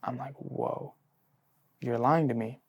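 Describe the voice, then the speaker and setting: Recent high school grad, male, medium-pitched clear voice, telling his own story with earnest ups and downs. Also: normal speed. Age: late teens. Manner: earnest storytelling, heavy use of "like", shifting between hushed and excited. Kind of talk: personal testimony in a sit-down interview.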